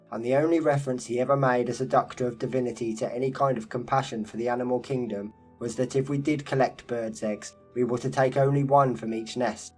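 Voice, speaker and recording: A man giving a measured, unhurried narration of a first-person life story. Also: medium pitch, low-quality recording. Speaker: narrator reading a first-person memoir interview. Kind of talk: scripted narration.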